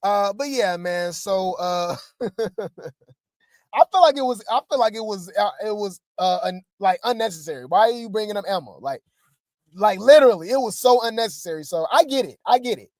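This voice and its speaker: A man's voice: high voice, animated, normal speed, a little mellow, dry recording. A man hosting casual reality TV gossip commentary, rambling with fillers and asides to viewers.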